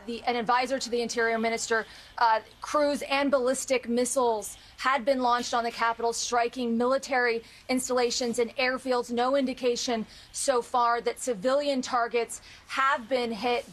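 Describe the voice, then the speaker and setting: A woman reporting live as a foreign correspondent, measured, with frequent fillers. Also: on the high side.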